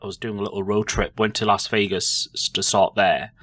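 A man's voice: on the low side, brisk, no room sound. A man from Britain chatting casually in a quiz call, telling a story and acting out the other voices. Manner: animated storyteller, acts out voices. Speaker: quiz participant. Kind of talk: casual chat, anecdote.

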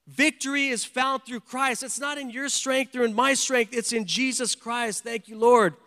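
A man's voice: extremely high pitch, steady tone, moderate pace, few pauses, pushed and bright, big-room sound. A male pastor preaching a sermon in a church, fervent and emphatic, repeating his phrases for emphasis.

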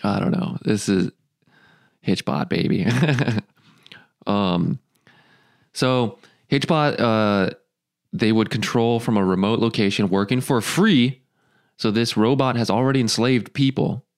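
A male podcast host chats casually, mocking his subject with frequent swearing and bursts of laughter. He fills gaps with ums and uhs. His voice sits a bit low. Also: unhurried, pauses often. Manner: profane, joking, laughs often, lots of ums.

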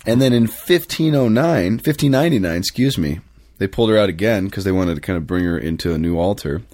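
A man's voice: lowish voice, animated, a little fast, darkish tone, dry recording. A man who is a priest, chatting casually on a podcast and telling rambling stories with plenty of fillers and self-corrections.

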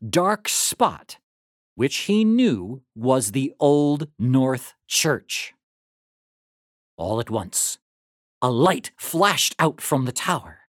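A narrator reading a historical story aloud in a dramatic, animated read-aloud manner. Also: medium pitch, no room sound, studio quality.

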